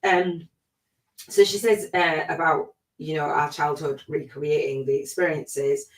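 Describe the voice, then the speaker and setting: A middle-aged woman with a low voice talks casually and reflectively, filling her sentences with little hesitations. She sits some distance from the mic in a room that rings with echo. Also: steady tone, a little slow. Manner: chatty and reflective, with many fillers. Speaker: spiritual life coach hosting a podcast. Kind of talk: casual spoken monologue. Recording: echoey room, voice away from the mic.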